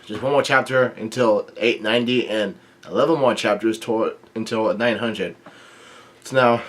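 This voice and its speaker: Halting man recapping a manga chapter. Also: on the low side, fairly bright tone. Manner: halting, with frequent ums and restarts. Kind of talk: casual chapter reading and recap.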